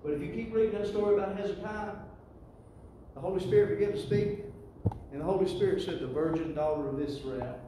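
A man preaching a sermon, building to loud call-and-response with the congregation. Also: high-pitched, fast, long pauses, background noise. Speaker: pastor. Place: church sanctuary. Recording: echoey church hall, distant mic.

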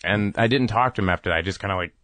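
A male podcast guest telling an anecdote in an animated, self-deprecating way, laughing as he goes. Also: on the low side, racing, dry recording. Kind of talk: storytelling anecdote in a podcast interview.

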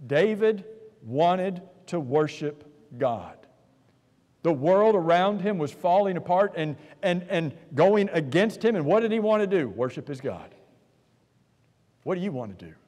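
A man's voice: high-pitched, very animated, unhurried, darkish tone. A man preaching an earnest sermon in a church, asking rhetorical questions and often repeating words as he starts a thought. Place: church sanctuary. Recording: long church-hall reverb.

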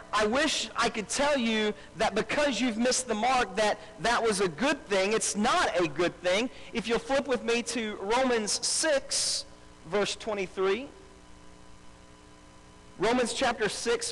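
A man with a strikingly high voice preaches a live sermon in a church. He repeats his key phrases for emphasis and draws answers from the congregation. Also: slow pace, a bit bright, low-quality recording. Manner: calls out to the congregation and asks for responses. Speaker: pastor. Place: church service before a congregation.

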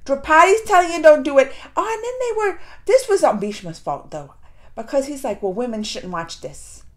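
A woman hosting a casual reaction video, retelling scenes in an animated, exasperated way with frequent laughs. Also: high-pitched, brisk.

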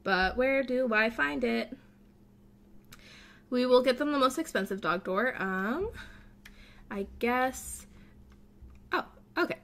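A young-sounding woman talks her way through a game as casual commentary, her voice bright and crisp and pitched a little high. She rambles and thinks aloud, and often breaks into gasps and delighted squeals. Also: slow, long pauses. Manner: excitable, gasping and squealing with delight. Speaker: let's play host.

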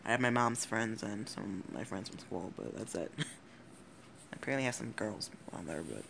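A man's voice: fairly low pitch, expressive, normal speed, gravelly, a bit bright, slight background noise. A teenage boy rambling through a casual vlog, giggling often, swearing and cutting himself off mid-thought. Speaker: YouTuber.

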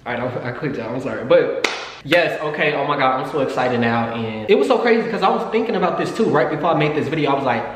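A man telling a storytime in a casual, excitable, profane way to his viewers. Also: mid-range voice, quick pace. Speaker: vlogger. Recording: echoey room with long reverb, faint noise.

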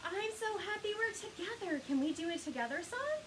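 A woman's voice: very high voice, very animated, a little fast, background noise. A woman children's librarian leading a storytime, talking to small children in an exaggerated, cheerful, sing-song way.

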